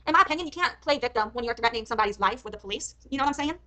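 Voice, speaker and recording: Woman, high voice, bright tone, heated reaction commentary, swearing. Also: lively intonation, rapid-fire, rough recording. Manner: heated, swearing, angry rants. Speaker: commentary streamer.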